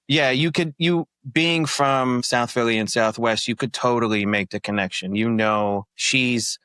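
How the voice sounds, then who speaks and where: A man's voice: medium pitch, a little slow, pushed and bright, clear, resonant tone, no echo, clean studio sound. A man chiming in as a podcast co-host, easygoing and agreeable. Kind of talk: casual interview chat.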